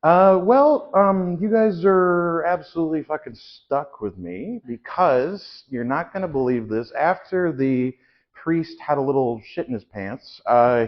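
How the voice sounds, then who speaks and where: A man improvising an exasperated church leader who rants and swears loudly at his congregation in a live comedy show. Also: fairly high pitch, highs cut off. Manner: ranting, loud, swearing at the congregation. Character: exasperated, foul-mouthed adult church leader.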